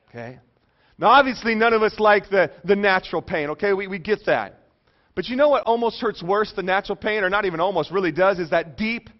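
A man's voice: high voice, dull audio. A man in his thirties preaching a sermon in a conversational, joking way, often checking in with his listeners. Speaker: pastor.

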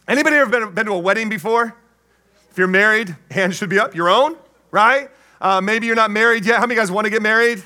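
Male pastor, high and bright voice, lively storytelling sermon delivery. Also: fast. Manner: animated storyteller, acts out voices, laughs.

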